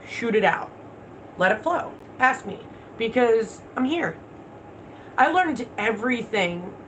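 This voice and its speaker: A woman's voice: fairly high pitch, fairly bright tone, rough recording. Straight-talking woman on a livestream, cusses a lot, reads out chat, bit of hiss in the background. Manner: blunt, profane, talks back to viewer comments. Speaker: livestream host.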